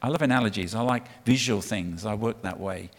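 A man's voice: lowish voice, a little fast. A middle-aged man from England speaking as a guest preacher to a church, chatty, with many ums and restarts. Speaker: guest speaker for a child sponsorship charity. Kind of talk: sermon talk to a church congregation. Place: church hall. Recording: long reverb of a large hall.

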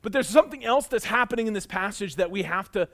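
Preaching fast in a high-pitched, lively voice, a man shares a personal story from the pulpit. He is earnest throughout, swinging between loud emphasis and hushed intensity.

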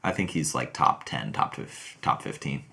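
Deep-voiced animated man chatting about films. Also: normal speed, gravelly. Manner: animated, jumps between thoughts. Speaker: podcast co-host. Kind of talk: casual movie chat.

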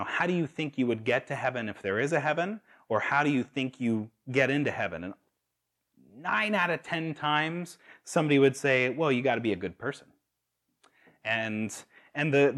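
A man's voice: medium pitch, fairly bright tone. Man preaching a casual sermon. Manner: conversational with fillers and restarts, laughs at own stories.

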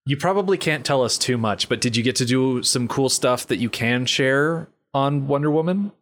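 Conversational interview host, mid pitch. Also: moderate pace. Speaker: podcast host. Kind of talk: casual interview questions.

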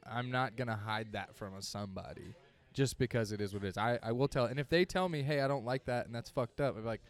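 A man's voice: lowish voice, quick pace. A young man, a comedian guest on a casual podcast, talks candidly and rambles with hesitant restarts. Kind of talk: casual chat.

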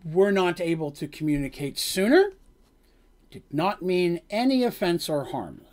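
A man voicing a nervous middle-aged male guard who speaks in slow, halting, broken phrases. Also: high voice, big pitch swings, a little mellow. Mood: apologetic.

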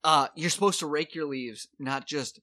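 Bright-voiced man joking in chat. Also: on the high side, no room sound. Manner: laughing, quick interjections. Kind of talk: casual comedic chat.

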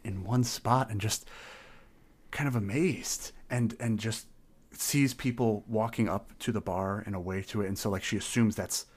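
A man's voice: fairly low pitch, slightly rough. A man playing a tabletop game, describing his character in a rambling, hesitant way. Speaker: player.

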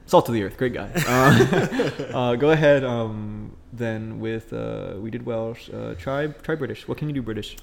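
A man talking casually with a gravelly, creaky voice. He trips over his words, restarting sentences, and chuckles as he goes. His pitch sits in an ordinary middle range. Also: measured pace, hardly any pauses, a little hiss or hum. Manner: stammering restarts, chuckles often. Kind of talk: casual chat.

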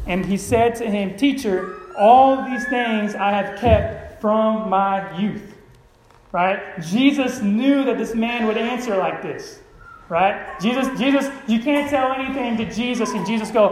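A man's voice: sits high, unhurried, reverberant, rough recording. A man preaching a sermon as pastor, conversational and often checking in with the congregation. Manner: conversational, keeps asking the congregation "right?".

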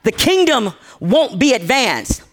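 Very high-pitched shouting male preacher. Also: big pitch swings, takes it slowly. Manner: storytelling, with repeated phrases and shouted climaxes; acts out characters' quoted lines. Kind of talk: sermon.

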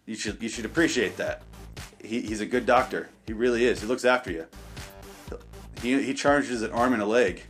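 A man's voice: lowish voice, normal speed. A sarcastic man ranting with faint music. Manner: sarcastic, profane ranting with stammered restarts. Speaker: podcast host. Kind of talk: comedic rant monologue.

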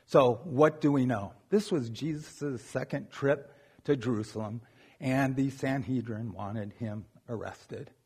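A man's voice: medium pitch, measured pace, darkish tone, breathy edge. A man preaching a sermon in a conversational, joking way, often checking in with "okay?".

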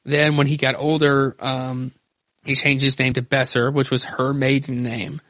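Animated man swapping plot talk. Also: medium pitch, measured pace, no room sound. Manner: animated plot retelling, frequent swearing. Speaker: podcast co-host. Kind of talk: casual podcast chat.

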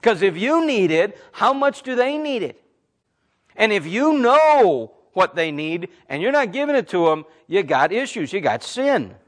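A man in his fifties, a Christian talk host, telling stories and preaching in a blunt, emphatic, animated way. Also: high voice, a little slow. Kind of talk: conversational preaching with storytelling.

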